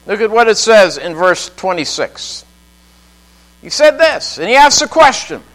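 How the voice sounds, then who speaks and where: A man preaching a sermon in a church, emphatic with dramatic pauses and frequent chuckles. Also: high-pitched, sing-song, fairly bright tone, rough recording. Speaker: pastor.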